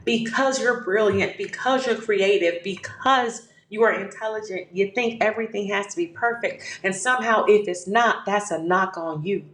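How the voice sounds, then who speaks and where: A woman's voice: medium pitch, normal speed, hardly any pauses, a bit bright, slight background noise. A woman hosting a podcast, giving a motivational talk with emphatic, repeated affirmations and calling the listener "baby". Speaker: podcast host. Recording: echoey room.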